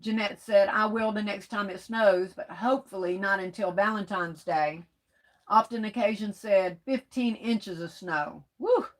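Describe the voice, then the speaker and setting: A woman's voice: medium pitch, unhurried, rough recording. A woman hosting a casual live stream, reading viewer comments aloud and answering them with pet names like baby and sweetheart in loose, folksy talk.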